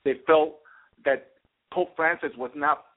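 A man's voice: a little high, steady tone, a little slow. A man hosting a talk radio interview, repeating and restarting his words often. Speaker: radio host. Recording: tinny phone-line sound.

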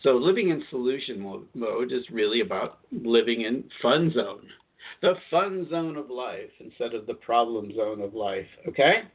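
A man's voice: mid-range voice, lively intonation, normal speed. A man with a mid-range voice hosts a spiritual talk radio show, chatting loosely and circling back to fix his own words. The sound is thin and tinny, like a phone line. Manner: rambling, self-correcting and chatty.

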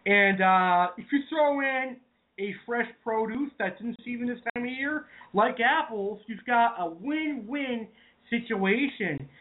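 A man from Massachusetts talks to his viewers in a chatty, casual way, calling them "folks." His voice sits high for a man. The sound is thin and narrow, like audio coming through a phone. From Massachusetts, New England. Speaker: cooking show host. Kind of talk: casual online show talk.

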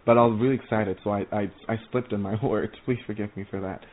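A man's voice: fairly low pitch, steady tone, slight background noise. Male preacher, earnest stumbling testimony, tinny lo-fi line. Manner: halting, repeats words, earnest. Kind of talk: testimony sermon. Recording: tinny phone-like audio.

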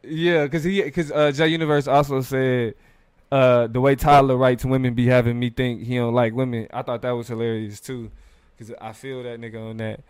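Animated man hosting a casual show. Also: medium pitch, normal speed, clean tone, no echo. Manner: loose and animated, frequent fillers, laughs while talking. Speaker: podcast co-host. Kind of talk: casual live-show discussion.

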